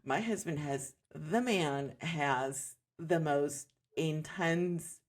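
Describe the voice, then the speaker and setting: Her voice is deep and she draws her words out. This homeschooling mother, in her thirties, is a podcast guest recounting her experiences in a frank interview, sincere and thoughtful, livening up when repeating what others said.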